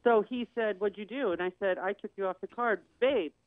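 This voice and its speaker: A woman's voice: medium pitch, fairly even intonation, fairly quick, no room sound. A woman guest on a talk show telling a personal story candidly, acting out the voices of the people in it. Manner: candid, acts out quoted voices. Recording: tinny phone-like dry sound.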